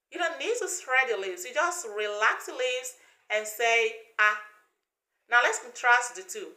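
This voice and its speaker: A woman teaching English pronunciation, speaking slowly and deliberately and repeating each sound for learners to copy. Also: sits high, pushed and bright, reverberant.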